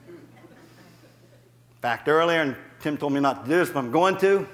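Man, preaching, higher-pitched voice, animated, long church reverb. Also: unhurried, long pauses. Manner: animated, builds in volume, laughs at himself. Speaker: guest preacher. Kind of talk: sermon. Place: church sanctuary.

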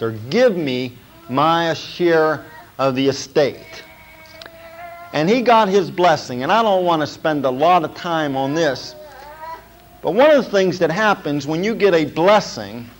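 A man preaching a sermon as a pastor, pausing to check in with "okay?" and building to emphatic points. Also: on the high side, slight background noise, low-quality recording. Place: small church.

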